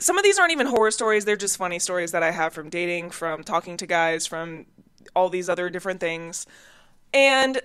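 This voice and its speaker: A woman in her twenties, hosting a podcast and telling her stories in a chatty, animated way, often laughing. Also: lowish voice, clear, resonant tone. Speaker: podcast host. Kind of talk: casual storytelling.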